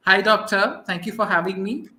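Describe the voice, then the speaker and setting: A man from India with an Indian accent, a guest in a casual interview, soft-spoken and hesitant with many fillers. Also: sits high, normal speed, roomy sound.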